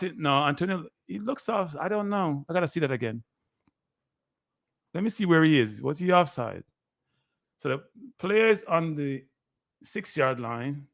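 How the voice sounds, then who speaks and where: A man, a guest analyst giving excitable live play-by-play commentary on a match he is watching. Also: medium pitch, normal speed, pauses often, no echo, clean studio sound. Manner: excitable, play-by-play that bursts into shouting.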